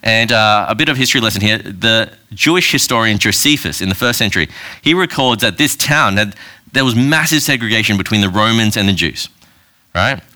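Male pastor, conversational sermon delivery, bright edge, slightly low voice. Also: expressive, a little fast. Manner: conversational, asks the audience questions, frequent "all right".

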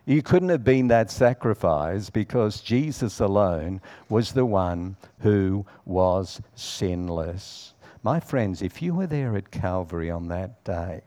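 Slow-talking middle-aged guy preaching, goes quiet then loud, acts out little scenes. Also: medium pitch. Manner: dramatic, swings between hushed and raised delivery, acts out dialogue. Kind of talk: sermon.

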